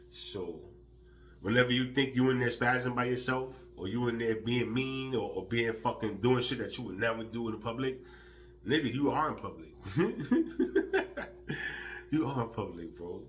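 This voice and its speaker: A man's voice: fairly low pitch, fairly bright tone, a little hiss or hum. A man talking casually to his viewers about living spontaneously, loose and profane, laughing often as he talks. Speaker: vlogger. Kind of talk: casual spiritual monologue.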